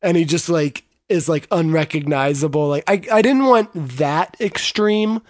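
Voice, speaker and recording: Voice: mid-range voice, normal speed, no room sound, studio quality. A podcast co-host in casual chat, recapping a TV episode with jokes and stretched-out, emphatic phrasing.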